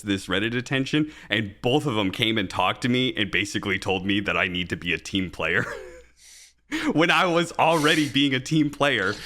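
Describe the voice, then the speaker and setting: A low-pitched man with a bright, forceful tone tells a rambling, profane story in a relaxed podcast chat. He talks like a working caster, animated and heated, piling on curses as he goes. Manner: profane, animated storytelling, rising when angry. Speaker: podcast co-host and esports caster.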